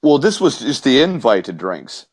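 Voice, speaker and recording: A man's voice: mid-range voice, very animated, normal speed, breathy edge. A man co-hosting a casual podcast, telling a crude story in rambling bits with stammers and swearing. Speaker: podcast co-host.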